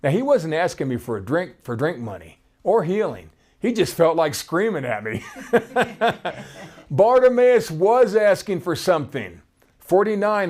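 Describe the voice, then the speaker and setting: A man's voice: sits high, big pitch swings, unhurried, a little mellow. A man giving conversational, storytelling Bible teaching and reading scripture aloud.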